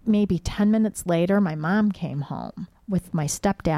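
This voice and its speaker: Middle-aged woman, creaky low-ish voice, dry close sound, casual suspenseful storyteller. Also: moderate pace, few pauses, dark tone, no echo. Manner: suspenseful, conversational storytelling with frequent "like" fillers.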